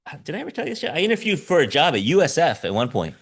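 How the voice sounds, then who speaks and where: A man's voice: on the high side, wildly swooping pitch, rapid-fire, a bit bright, slightly rough. A man who teaches school, preaching a conversational sermon with frequent chuckles and "right?" asides.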